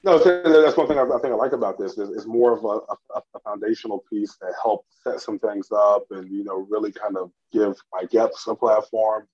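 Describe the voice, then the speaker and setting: A man co-hosting a casual podcast chat, reflective and quick to laugh. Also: lowish voice, a little mellow, breathy edge. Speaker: podcast co-host. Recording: muffled lo-fi mic.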